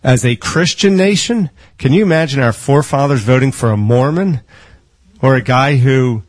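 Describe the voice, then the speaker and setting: Man preaching with animated storytelling. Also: medium pitch, dry recording, rough recording. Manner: animated storytelling, acting out quoted voices; quotes scripture in quick bursts. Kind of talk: sermon.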